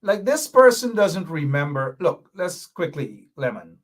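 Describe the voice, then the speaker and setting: A man's voice: on the high side, very animated, measured pace. A man hosting a political commentary show, emphatic and repetitive, with a mocking edge. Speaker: show host.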